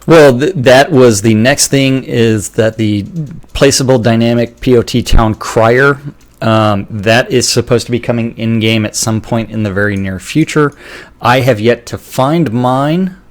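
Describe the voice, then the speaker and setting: A man co-hosting a game news show in casual chat, wry and chatty, with halting restarts while going through the news. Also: mid-range voice.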